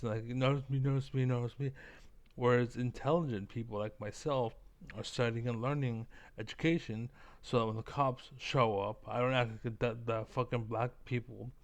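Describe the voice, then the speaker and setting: Man, vlogger, rough gravelly voice, middle pitch; loose, profane, rambling rant. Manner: rambling, profane, full of likes and fillers. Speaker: vlogger reacting to clips. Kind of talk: casual ranting commentary.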